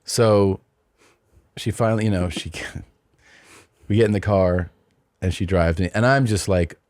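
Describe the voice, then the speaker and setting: Middle-aged guy hosting a podcast, low voice, rambly storytelling, lots of restarts. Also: unhurried, darkish tone, no echo, clean studio sound. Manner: rambling anecdote with frequent restarts and asides. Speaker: podcast host. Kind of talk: casual storytelling chat.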